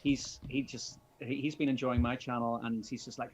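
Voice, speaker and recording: A man hosting a casual livestream, talking in a relaxed, thankful way with frequent hesitations. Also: mid-range voice, moderate pace, lo-fi sound. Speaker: channel host.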